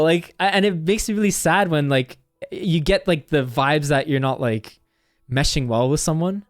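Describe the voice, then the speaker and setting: A man's voice: fairly high pitch, animated, moderate pace, no echo, studio quality. A young man streamer casually telling a story, rambling with constant "like" fillers and swearing.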